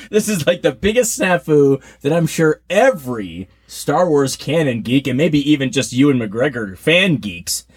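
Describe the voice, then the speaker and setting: A man co-hosting a podcast, chatting casually and poking fun at himself. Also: breathy edge. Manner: chatty, self-mocking, animated swings in pitch. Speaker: podcast co-host.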